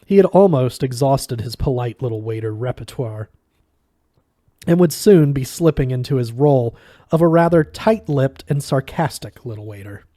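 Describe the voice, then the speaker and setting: A man reading a novel aloud with measured, expressive narration. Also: mid-range voice, no room sound, clean studio sound. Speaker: reader.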